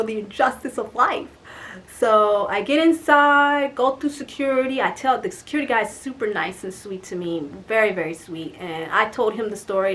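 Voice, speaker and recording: A young woman vlogger telling a story in casual chat, animated and exasperated, with lots of "like" and mild swearing. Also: medium pitch.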